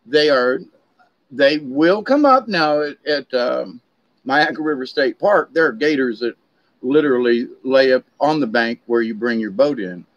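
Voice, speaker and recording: A man's voice: medium pitch, animated, measured pace, dry recording. Rambling man with a dull, dry sound. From Florida, USA. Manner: chatty storyteller, drifting off on tangents. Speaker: vlogger. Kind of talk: rambling casual monologue. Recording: slightly dull, dry recording.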